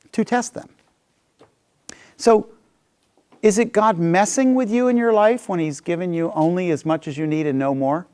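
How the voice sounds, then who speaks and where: Male Bible teacher, high and lively, acts out the complaints in his readings. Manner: animated, acts out people's complaints. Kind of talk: Bible class lecture.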